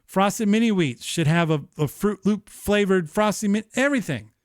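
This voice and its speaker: A man in his thirties hosting a live-streamed show, chatting casually in an animated, profane, rambling way. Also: high voice, normal speed, no room sound, clean studio sound. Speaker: livestream show host.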